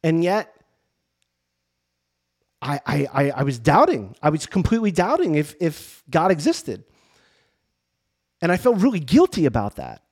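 A middle-aged man, a priest, telling a personal faith story in casual, animated talk with many restarts and fillers. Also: fairly high pitch, unhurried, long pauses, husky. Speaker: priest and podcast host. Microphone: camera and mic for video podcast.

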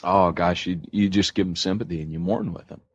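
Male podcast host, low husky voice, animated storyteller, dry lo-fi sound. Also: a little fast, dry recording. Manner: animated storytelling, lots of fillers. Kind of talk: casual podcast chat.

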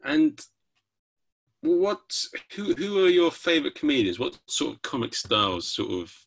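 A man's voice: a little high, big pitch swings, unhurried, creaky. A man hosting a podcast, asking short questions and chatting casually with his guest. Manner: short prompting questions, easy laughs. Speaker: podcast host. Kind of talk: casual interview chat.

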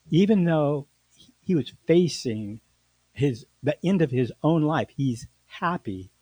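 A man's voice: on the low side, a little mellow, husky, no room sound, poor audio. A man, a podcast host and lawyer, telling a story in a casual monologue with lots of restarts and fillers.

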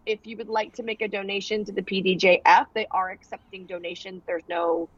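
A woman's voice: mid-range voice, fairly quick, gravelly, dry recording, highs cut off. A woman co-hosting a casual podcast, chatty, announcing upcoming track events with some fillers.

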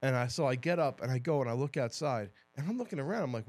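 Lively man telling a story. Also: medium pitch, fast. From New Jersey. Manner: animated storyteller, swears freely, mimics others. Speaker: podcast co-host. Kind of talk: casual chat. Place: podcast studio.

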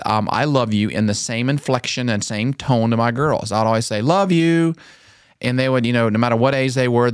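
A man hosting a podcast, chatting casually and acting out quoted lines with lively jumps in his voice. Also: clean tone, no echo, clean studio sound. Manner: animated storyteller, acts out quotes with pitch jumps. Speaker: podcast host.

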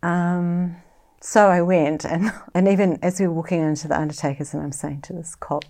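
A middle-aged woman with a New Zealand accent speaks in a fairly low voice. She tells her own story as an interview guest, halting and reflective. Her delivery stays soft-spoken throughout. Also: steady tone. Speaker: guest sharing personal story.

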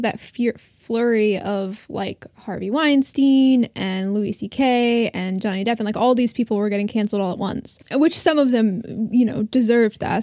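A woman's voice: mid-range voice, warm tone, dry recording. Hedging woman, dry close sound. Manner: thoughtful, hedging with likes and I feels. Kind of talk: casual chat.

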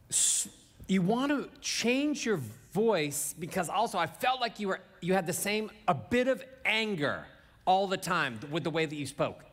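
A man's voice: sits high, fairly bright tone. Demonstrative male voice coach in a reverberant room. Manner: demonstrative, acts out voices to illustrate points. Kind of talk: live feedback on vocal delivery.

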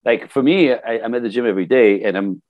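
Fast and medium-pitched, this older man's voice comes through a dry recording with the highs cut off. A life coach in a conversational interview, he tells stories animatedly and acts out what people say to him.

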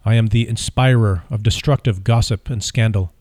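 A man's voice: fairly low pitch, steady tone, moderate pace, darkish tone, dry recording, clean studio sound, close to an everyday voice. A man voicing the Devil, a sinister male spirit who boasts in long declarative lists. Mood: boastful. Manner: declarative, self-proclaiming lists.

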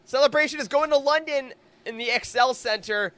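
Excited podcast guy, high bright voice, gushes about everything. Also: no echo. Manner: enthusiastic, gushing, quick asides. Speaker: podcast co-host. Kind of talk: excited casual recap chat.

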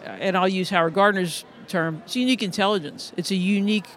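A middle-aged man with a notably high-pitched speaking voice, talking as a music educator in an interview. He tells stories earnestly, often restarting and repeating words. Faint noise hums behind him. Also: fast talker, fairly bright tone. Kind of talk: conversational interview storytelling.

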